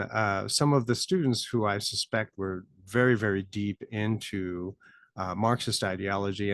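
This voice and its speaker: A man's voice: fairly low pitch, no room sound, clean studio sound. A man hosting his own commentary show, talking casually and asking rhetorical questions as he goes. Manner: conversational, rhetorical questions, frequent "right?". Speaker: podcast host, former teacher.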